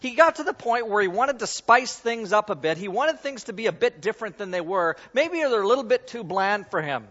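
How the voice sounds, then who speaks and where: Pastor in a reverberant hall. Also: male voice, high voice, expressive, brisk, hardly any pauses, a bit bright. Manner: conversational, self-deprecating, demonstrates while talking. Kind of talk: sermon with a live object lesson. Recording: dull sound in a reverberant hall.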